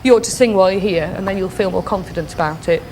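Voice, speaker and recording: A woman's voice: mid-range voice, fast, a little mellow, a little hiss or hum, rough recording. A woman presenter chatting casually while planning who sings which verse. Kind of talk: casual chat.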